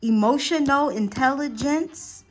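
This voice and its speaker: A woman's voice: high-pitched, faint music behind. A chatty woman giving an affirming reading. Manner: chatty and affirming, slipping into slow, soft affirmations; repeats and restarts phrases as she thinks aloud. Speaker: astrology and tarot reader. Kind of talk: casual spiritual reading vlog.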